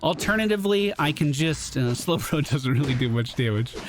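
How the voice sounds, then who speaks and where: A man's voice: mid-range voice, normal speed, background noise. A tired man giving explanatory play-by-play commentary over a video game match. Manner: explanatory, animated, strategic play-by-play. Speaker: gaming commentator. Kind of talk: gameplay commentary. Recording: clear background music.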